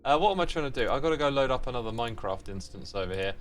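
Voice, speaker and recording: A livestream host runs a casual gaming stream, reading chat messages aloud and answering them playfully, teasing with fake sign-offs. His medium-pitched voice is animated and very fast, with faint music behind him.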